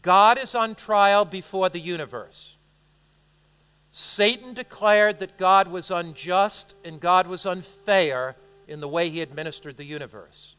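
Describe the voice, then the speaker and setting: An American preacher with a high, bright, forceful voice delivers a sermon in a large hall, and his words trail off into long reverb. He keeps throwing questions to the crowd and teasing them between points. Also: measured pace, smooth. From United States. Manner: call-and-response, joking with the audience.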